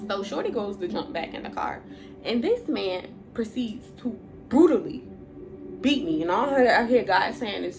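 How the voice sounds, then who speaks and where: A woman's voice: a little high, sing-song, moderate pace, over music. A woman telling a personal story in a storytime vlog, blunt and profane, emotional, breaking into laughs now and then.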